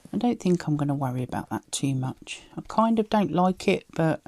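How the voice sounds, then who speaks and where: A woman's voice: low-pitched, lively intonation, moderate pace, mellow, a little hiss or hum. A woman with a light Cockney-tinged accent, chatting casually as she works on a craft project and often dropping into a whisper. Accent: light Cockney-tinged London. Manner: chatty, muttering to herself while working, often drops to a whisper. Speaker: craft vlogger.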